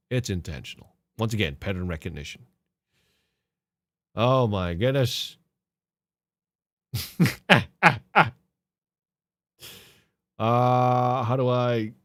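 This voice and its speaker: A man's voice: mid-range voice, animated, moderate pace, pauses often, no echo. A man hosting a podcast and reacting to game clips in casual commentary, sarcastic and mocking, swearing and laughing often. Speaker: podcast host.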